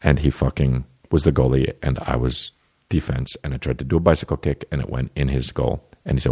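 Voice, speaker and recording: Very deep-voiced profane male podcaster. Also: fast, creaky, warm tone, breathy edge. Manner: profane, rambling, riffing on listener questions. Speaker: podcast host. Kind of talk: casual comedic monologue.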